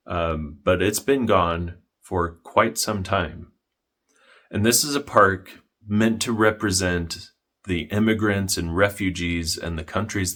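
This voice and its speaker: A young man narrating a history vlog in a dry, deadpan style. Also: deep voice. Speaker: history vlogger.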